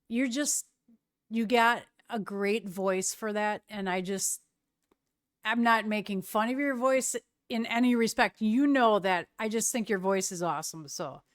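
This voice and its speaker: A woman streamer chatting casually with her viewers, relaxed and quick to laugh. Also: mid-range voice, dry recording, clean studio sound.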